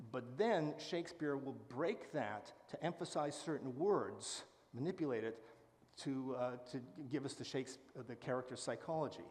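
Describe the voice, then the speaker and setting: An enthusiastic man lecturing on stage and fielding questions from an audience. His mid-pitched voice carries a long reverb from the hall around him. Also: moderate pace. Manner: lively, enthusiastic, with fillers. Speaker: scholar giving a talk. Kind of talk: public lecture and Q&A.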